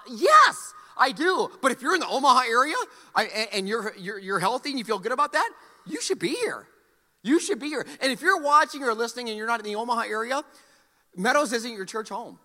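A pastor preaching a sermon, animated and calling on the congregation to repeat words back. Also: male voice, high voice, big-room sound. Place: church sanctuary.

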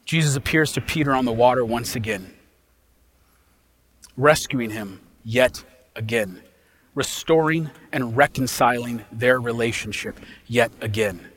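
A pastor delivering an impassioned sermon in a folksy, casual way, swinging from loud emphasis to hushed quiet. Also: male voice, mid-range voice, a little slow.

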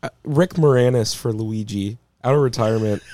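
A man in casual podcast chat, dropping deadpan quips. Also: mid-range voice, normal speed, no room sound.

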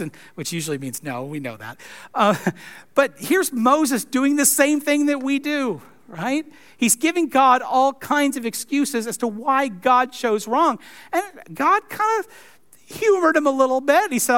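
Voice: high-pitched, lively intonation, a little slow, a bit bright. Conversational pastor preaching a sermon. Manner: conversational, wry asides with laughs.

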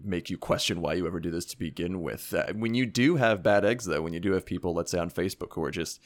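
A man hosting a podcast interview, asking questions in a wry, joking manner with long, quick runs of talk. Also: low-pitched, no echo. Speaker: podcast host.

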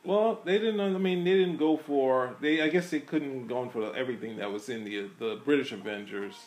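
A man's voice: mid-range voice, normal speed, a little mellow. A man co-hosting a podcast, chatting casually about a film in a rambling, hesitant way with many restarts. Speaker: podcast co-host. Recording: echoey room.

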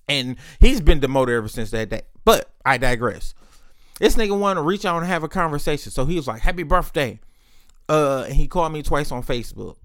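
A man in his late thirties tells a personal family story in a loose, conversational way. His voice is smooth and clear, recorded close with no room sound, and he swears freely and acts out the other people in the story. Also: mid-range voice, a bit bright, dry recording. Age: 30s. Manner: candid, profane, acts out quoted voices. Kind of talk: casual storytelling.

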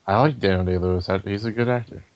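A man's voice: lowish voice, quick pace, dry recording. A young man co-hosting a casual podcast, easygoing and joking, with mock-formal goodbyes to viewers. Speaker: podcast co-host. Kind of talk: casual chat among friends over a call. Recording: lo-fi online call audio.

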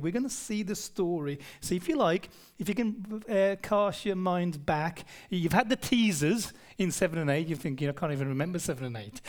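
A man preaching a Bible-study sermon in a conversational style, often putting questions to the congregation. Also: sits high. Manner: conversational, asks the congregation questions, frequent restarts.

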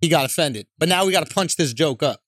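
A man co-hosting a podcast in casual comedic banter, animated and pushing the joke along. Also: a little high, fast talker, no room sound, studio quality. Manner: animated, joking, pushing the bit. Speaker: podcast co-host.

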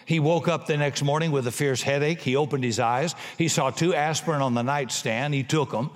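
A man preaching a sermon in a folksy, punchy way, often rising to shouts and telling jokes. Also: fairly high pitch, a little fast. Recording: long hall reverb.

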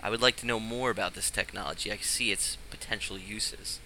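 A man's voice: lowish voice, fairly even intonation, a little fast, pushed and bright, slight background noise, rough recording. A man playing a wizard in a tabletop game, arguing persuasively for his side. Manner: persuasive, argumentative. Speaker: player as a wizard. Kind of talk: tabletop role-play.

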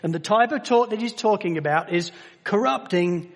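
Emphatic English pastor, high voice. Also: male voice. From England. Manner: emphatic, with slow stressed words and sudden rises in volume. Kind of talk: sermon. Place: church hall with long reverb. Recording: reverberant church hall.

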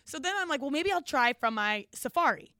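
A woman's voice: sits high, lively intonation, fairly quick, bright, forceful tone, no echo, clean studio sound. A woman co-hosting a casual podcast chat, telling a story, acting out quotes, laughing often. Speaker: podcast co-host.

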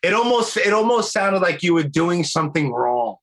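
Bright, slangy man hosting a podcast. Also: high voice, sing-song, normal speed. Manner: slangy, swears a lot, says "dude". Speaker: podcast host. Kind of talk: casual chat.

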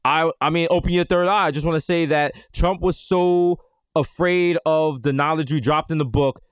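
A man co-hosts a comedic podcast in casual banter, riffing through jokes and stories. His voice sits slightly high for a man. The studio mic is close and dry, with no room around it. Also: fairly even intonation, moderate pace, clean tone, dry recording. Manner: joking, riffing, puts on voices for quotes. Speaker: podcast co-host. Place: recording studio. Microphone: studio microphone.

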